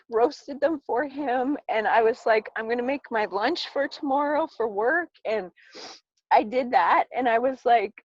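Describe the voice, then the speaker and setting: A woman's voice: high voice, a little mellow, dry recording, muffled recording. A mother in her thirties giving a casual personal testimony, chatty and full of "like", acting out her own past thoughts as she talks.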